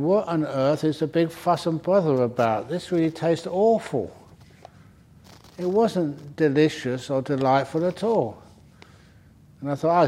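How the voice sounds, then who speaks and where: A man's voice: mid-range voice, darkish tone. A man, a monk teaching at a retreat, answers questions in a dharma talk and tells humorous stories, often chuckling at them. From United Kingdom. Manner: humorous storyteller, chuckles at his own stories.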